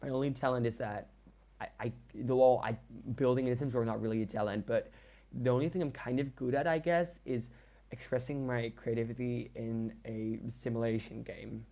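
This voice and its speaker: A young man from the Netherlands with a Dutch accent, a native Dutch speaker telling a rambling story in a casual voiceover while he builds in a game, with self-deprecating asides and halting restarts. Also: mid-range voice, steady tone, mellow.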